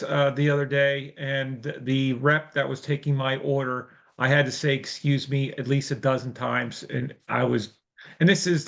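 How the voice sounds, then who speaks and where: Male attendee, gravelly fry in his voice, casual halting story. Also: medium pitch, a bit bright. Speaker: webinar attendee. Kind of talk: casual chat.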